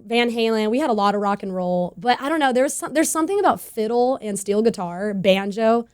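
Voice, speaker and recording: Young woman from California, country singer guest; bubbly, laughs a lot, higher voice. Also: lively intonation, a little fast, smooth. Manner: bubbly, laughs often, acts out quoted voices. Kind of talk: casual interview chat.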